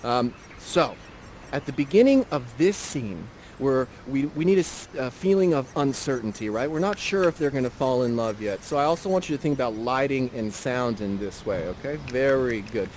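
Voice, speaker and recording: A man's voice: medium pitch, slight background noise. A man acting as a playful, theatrical director, guiding audience members through an improvised scene. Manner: animated, playful and theatrical, with quick asides. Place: virtual reality theater show.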